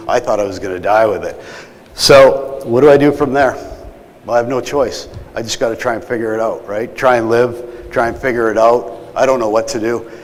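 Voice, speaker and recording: A middle-aged man candidly telling an emotional personal story to an audience, often checking in with "right?". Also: lowish voice. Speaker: keynote speaker. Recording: long hall reverb.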